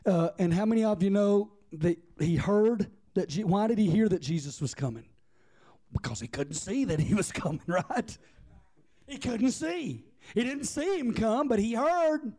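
Male preacher, high and mellow, fiery repetitive delivery. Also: a little fast. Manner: impassioned, rhythmic repetition, Southern US dialect. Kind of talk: sermon.

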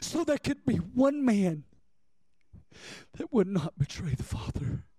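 A man's voice: sits high, very animated, slow, warm tone, slightly rough, dry recording. A man preaching a sermon with passion, in plain folksy speech, calling out to listeners by name. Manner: impassioned, talks straight to listeners by name.

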